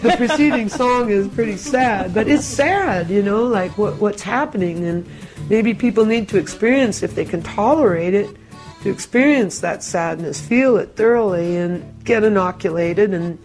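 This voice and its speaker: Female interview guest, relaxed, halting, chuckling delivery. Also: medium pitch, faint music behind. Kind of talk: relaxed conversation and joke-telling.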